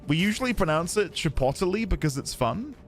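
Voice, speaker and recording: A man from the United Kingdom with a British English accent chats and rambles casually while streaming a game, laughing easily and answering his chat. His high voice is sing-song and a little fast, with faint music behind.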